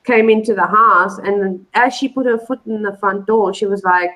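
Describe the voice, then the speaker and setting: A woman's voice: mid-range voice, normal speed, a bit bright, poor audio. Rambling woman telling a story. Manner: rambling, with many fillers and restarts. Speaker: guest. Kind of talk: casual storytelling. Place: live online show.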